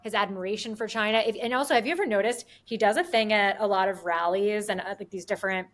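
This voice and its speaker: A woman's voice: mid-range voice, quick pace. Sarcastic, rambling woman co-host. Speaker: podcast co-host. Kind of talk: casual political chat.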